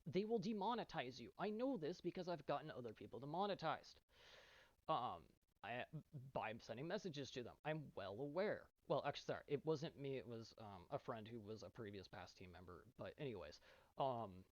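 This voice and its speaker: A man's voice: medium pitch, animated, moderate pace, no echo. Guy captain venting his side of a team fight, keeps going "right?", dry muffled audio. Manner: earnest, aggrieved, repeatedly asks "right?". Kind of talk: recounting a dispute in a monologue. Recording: dull, slightly muffled, dry sound.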